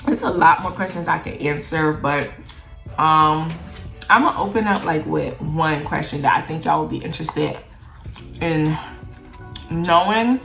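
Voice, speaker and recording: A woman's voice: deep voice, measured pace, creaky, pauses often, a bit bright, roomy sound, soft background music. A young adult woman from Jamaica, chatting candidly in a casual Q&A vlog, peppering her talk with "like". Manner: candid, chatty, heavy use of "like". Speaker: vlogger. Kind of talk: casual Q&A chat while eating.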